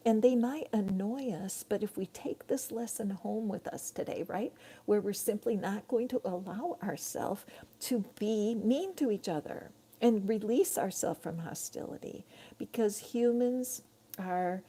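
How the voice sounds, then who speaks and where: Middle-aged woman hosting a live tarot reading; loose, rambling chat with viewers, slight gravel, darker tone. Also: mid-range voice. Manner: chatty, rambling, warmly addresses viewers. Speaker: tarot reader.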